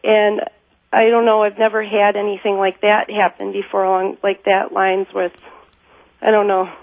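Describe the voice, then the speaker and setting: Over a tinny phone line, a woman caller to a phone-in show tells a personal story at a moderate pace. Her medium-pitched voice is gravelly and completely flat, with no echo, and she rambles through it with lots of fillers and nervous laughs.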